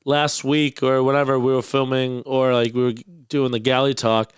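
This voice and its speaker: A young man in casual podcast chat, telling stories in an animated way with plenty of swearing. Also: mid-range voice, normal speed, clear, resonant tone. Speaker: podcast co-host.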